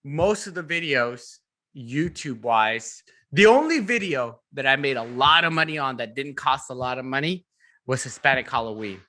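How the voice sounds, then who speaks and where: A man hosting a casual podcast chat, talking in an animated way and laughing often. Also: mid-range voice, normal speed. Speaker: podcast host.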